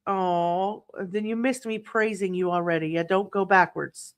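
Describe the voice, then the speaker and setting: A woman's voice: mid-range voice, fairly even intonation, unhurried, few pauses. A woman hosting a livestream, chatting casually and snarkily while reading viewer comments, laughing often. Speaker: true crime livestream host.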